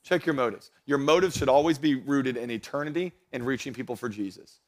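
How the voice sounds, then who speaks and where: A young adult man, a pastor, preaching a sermon to his church, building to loud emphatic passages and joking with the congregation. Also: mid-range voice, fairly quick. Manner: jokes with the congregation. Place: church stage before a congregation.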